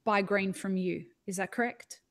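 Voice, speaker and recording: An Australian woman hosts a relaxed podcast interview. She is chatty and quick to joke, and her voice sits at an ordinary middle pitch for a woman. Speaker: podcast host. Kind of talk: casual interview chat.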